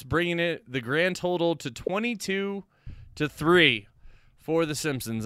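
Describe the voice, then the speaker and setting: A man's voice: a little high, bright, forceful tone, smooth, dry recording, studio quality. A young man hosting a casual podcast chat, tallying votes with jokes and casual swearing. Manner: joking, upbeat, swears casually.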